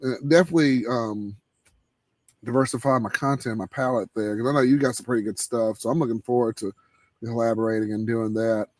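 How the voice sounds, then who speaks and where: A man hosting a live cigar show in casual chat, laid-back and laughing, trailing off into low murmurs. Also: steady tone, brisk, dry recording.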